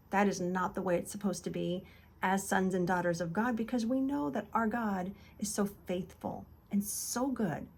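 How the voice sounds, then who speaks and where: A woman's voice: fairly low pitch, a little mellow. A woman hosting a casual devotional talk, earnest and encouraging, retelling scripture in loose conversational words. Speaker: devotional video host.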